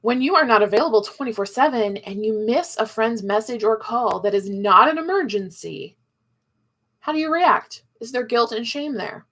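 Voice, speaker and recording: Playful woman teaching online, bit of vocal fry, acts out little voices. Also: on the high side, normal speed, a bit bright. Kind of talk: live online class.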